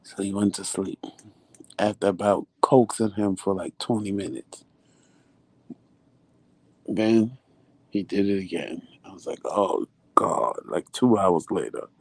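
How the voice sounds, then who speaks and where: A man's voice: low voice, measured pace, long pauses, husky, no echo. A man vlogging, telling a story casually and animatedly, acting out what people said. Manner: animated, acts out quotes.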